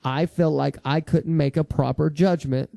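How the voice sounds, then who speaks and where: Gravelly man telling cop stories. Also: a little high, normal speed, dry recording, clean studio sound. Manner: profane, animated anecdotes with "you see what I'm saying". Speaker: podcast host, former police officer. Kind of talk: casual conversational storytelling. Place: studio.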